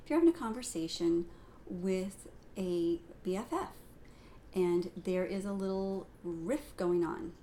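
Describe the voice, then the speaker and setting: A woman's voice: lowish voice, measured pace, mellow, slight background noise. A middle-aged woman teaching a video lesson on communication, talking directly to the viewer and shifting emphasis across words to demonstrate tone.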